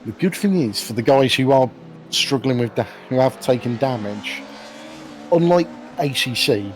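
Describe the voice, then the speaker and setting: A man commentating a sim race, calmly explaining pit stop rules. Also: mid-range voice, slight background noise. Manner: explanatory, technical.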